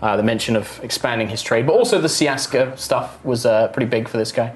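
A man's voice: mid-range voice, brisk, reverberant, a little hiss or hum. Man narrating as game master. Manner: casual, laughing asides.

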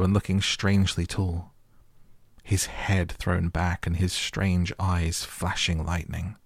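A man reads a storybook aloud as a calm bedtime audiobook. His voice is very low, gravelly and husky, with an even, flat delivery, recorded close and dry. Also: no room sound. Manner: calm, gentle, measured. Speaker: audiobook narrator. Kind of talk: soft bedtime audiobook reading.

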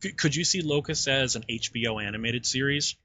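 A man's voice: mid-range voice, fairly quick, pushed and bright, dry recording. A man interviewing a comic artist, asking long, winding questions in a casual way.

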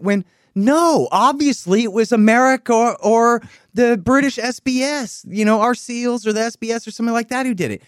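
A man's voice: sits high, normal speed, no echo, studio quality. A man hosting a political commentary show, talking in a sarcastic, mocking way. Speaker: show host.

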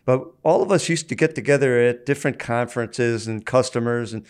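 A man in an interview, answering in a measured, businesslike way with small fillers. His voice is smooth and resonant, pitched in the middle. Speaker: association chairman, guest.

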